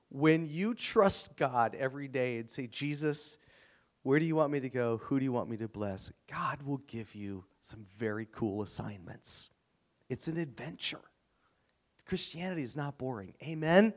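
A middle-aged man preaching a sermon, telling stories and acting out both sides of a conversation with lively energy. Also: a little high, moderate pace. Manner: storytelling, animated, acts out dialogue. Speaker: guest preacher.

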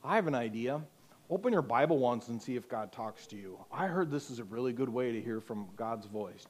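A man's voice: medium pitch, fairly quick. A man preaching a sermon to a youth group, telling stories and acting out the people in them with rising emphasis. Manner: animated storytelling, acting out quotes loudly. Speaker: youth pastor.

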